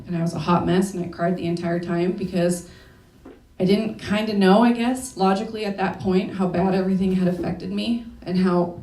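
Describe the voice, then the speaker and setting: A woman's voice: lowish voice, fairly even intonation, normal speed, warm tone. A young woman talking candidly and emotionally in a personal story talk, with casual swearing. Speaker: speaker. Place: event hall. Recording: echoey room from far off.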